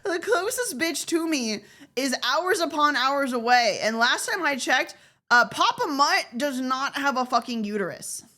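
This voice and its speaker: A woman's voice: sits high, animated, measured pace, bright, forceful tone. A woman from the Southern United States, speaking with a general American accent, chats casually and profanely with her viewers on a live stream, laughing often. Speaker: VTuber streamer.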